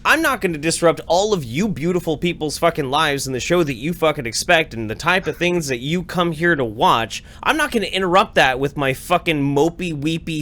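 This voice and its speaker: A man's voice: fairly high pitch, fairly bright tone. A man hosting a live podcast, talking bluntly and emphatically with heavy swearing. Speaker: podcast host. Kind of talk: profane casual chat.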